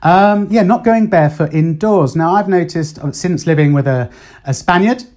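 A man's voice: fairly high pitch, normal speed, darkish tone. A man from the UK who lives in Spain, hosting a casual solo podcast, thinking aloud with plenty of ums and uhs. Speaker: podcast host.

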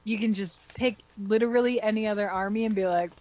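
A speaker in casual hobby chat who is quick to agree and often laughs along. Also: mid-range voice, fairly even intonation, a little mellow. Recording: dull lo-fi recording.

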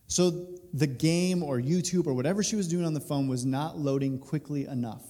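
A man in his thirties, a pastor, telling a personal story during a sermon, animated and laughing through it. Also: a little high, moderate pace. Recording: reverberant hall.

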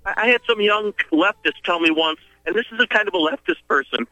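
Talk radio host, male, tense bright delivery, rallying listeners to act. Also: high-pitched, brisk, few pauses, no room sound, low-quality recording. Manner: urgent, preachy activist rallying listeners. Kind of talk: casual call-in radio talk.

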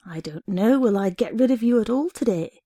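Woman putting on a scolding young priest, gravelly, husky, raised voice. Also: a little high, expressive, moderate pace, warm tone, dry recording, clean studio sound. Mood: gloomy. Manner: scolding, hissing. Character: angry young male priest, gruff then gloomy.

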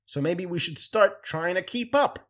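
A man with a high voice hosts a casual solo commentary at a moderate pace. He's animated and jokey, and he gets louder whenever he imitates other people.

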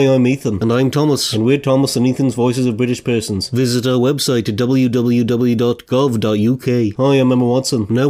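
Cheesy salesy impressionist, a man puts him on, warm mellow tone. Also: medium pitch, lightly acted. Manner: upbeat salesy commercial patter. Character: cheesy pair of voice impressionists, adult men. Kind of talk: parody commercial.

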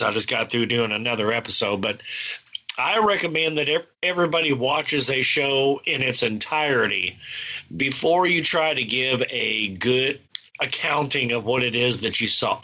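Bright-voiced talkative man, lo-fi. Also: mid-range voice, moderate pace. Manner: talkative, long explanatory answers. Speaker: podcast host reviewing TV shows. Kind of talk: casual chat.

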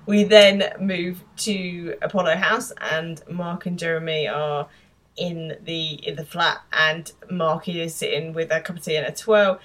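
A woman co-hosting a podcast, recapping a TV episode and telling her own stories in an animated way. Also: fairly low pitch, unhurried. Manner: animated storytelling, laughs often. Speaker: podcast co-host. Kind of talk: casual chat recapping a TV episode.

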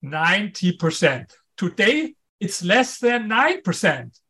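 Emphatic German-accented man, high voice. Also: sing-song, slow, pushed and bright, husky. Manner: emphatic, repeats key points. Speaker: guest author. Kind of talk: interview.

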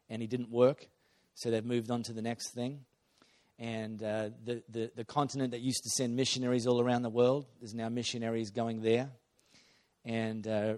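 A man's voice: mid-range voice, darkish tone. A man speaking as a pastor to his congregation, in a sermon-style talk with playful asides and frequent restarts. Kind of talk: sermon introducing a guest.

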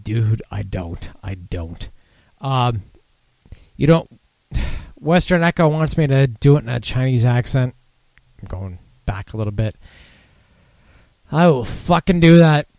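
A man's voice: medium pitch, measured pace, gravelly, long pauses, a little mellow, no room sound. A drunk man hosting a casual beer talk show, rambling, swearing and losing his thread. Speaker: podcast host.

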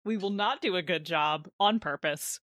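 A woman's voice: on the low side, normal speed, a bit bright, no echo, clean studio sound. A woman co-hosting a tabletop gaming podcast, chatting casually, reading plugs and laughing often. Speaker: podcast co-host.

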